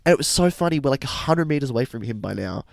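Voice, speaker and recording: A young man hosting a podcast, telling a story in a casual, animated, slangy way and laughing often. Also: medium pitch, racing, creaky, dry recording, studio quality. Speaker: podcast host.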